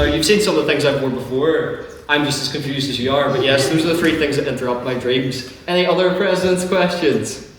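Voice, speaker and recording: Heard from a distance in an echoey, noisy lecture hall, a young man chairs a student debating society before an audience. His voice is fairly high and a bit bright, and he answers questions with self-deprecating, jokey puns.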